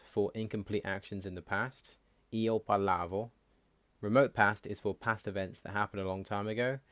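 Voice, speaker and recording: A man hosting a language channel, reading a scripted explainer in a plain, measured way. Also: lowish voice, a bit bright, dry recording. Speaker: language learning channel host.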